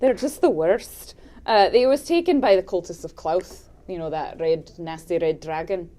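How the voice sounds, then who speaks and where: A woman's voice: lowish voice, normal speed, dark tone, pitched below the performer's own voice, lightly acted. A woman game master voicing a male airship quartermaster in a put-on Scottish accent, rambling with many fillers. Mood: grumbling. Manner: rambling, hesitant, full of fillers.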